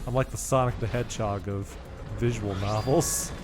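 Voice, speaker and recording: A man's voice: lowish voice, fairly even intonation, moderate pace, music in the background. A young man streaming a video game from his home setup, ranting and swearing at himself in casual, self-mocking commentary.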